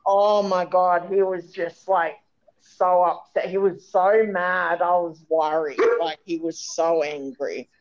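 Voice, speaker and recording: A woman's voice: fairly low pitch, steady tone, takes it slowly. Lo-fi woman, rambling chatty voice. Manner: rambling, repeats herself. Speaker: guest. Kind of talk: casual chat. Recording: dull lo-fi audio.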